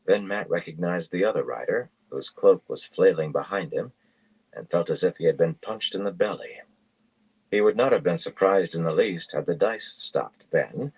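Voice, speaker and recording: A man reads a fantasy novel aloud at a steady, even pace. His voice is extremely deep and has a husky grain to it. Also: poor audio. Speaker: audiobook reader.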